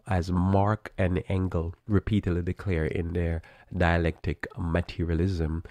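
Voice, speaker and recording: Low-voiced man musing, halting delivery. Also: flat delivery, a little mellow, dry recording. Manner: halting, many fillers and restarts, stumbles over words. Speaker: church talk show host. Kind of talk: unscripted live talk reading from an article.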